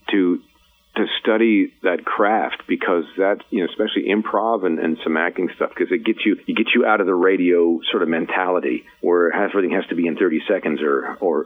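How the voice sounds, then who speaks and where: A man's voice: sits low, phone-quality sound. A middle-aged man, a voice actor, giving rambling advice in a podcast interview, with casual swearing and many restarts. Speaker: voice actor guest.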